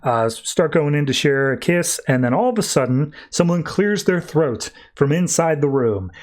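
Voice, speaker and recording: A man's voice: fairly high pitch, lively intonation, normal speed, a little mellow. A man hosting a podcast, casually retelling a comic story in a chatty, loose way. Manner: chatty, loose, with fillers and asides. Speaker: podcast host. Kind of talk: casual comic book recap.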